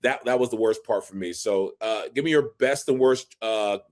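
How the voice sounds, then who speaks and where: A man in his forties co-hosting a casual sports podcast, an animated storyteller who acts out quotes as he recalls his playing days. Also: lowish voice, moderate pace. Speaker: podcast co-host, former NFL fullback.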